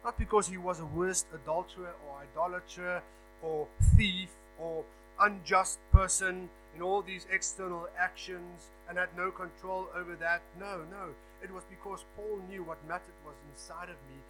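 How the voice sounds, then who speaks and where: A man preaching a sermon as a guest preacher, emphatic, swinging between a hush and raised stress, often repeating words as he builds a point. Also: sits high, steady tone, normal speed, soft background music, low-quality recording. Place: church hall. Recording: faint mains hum.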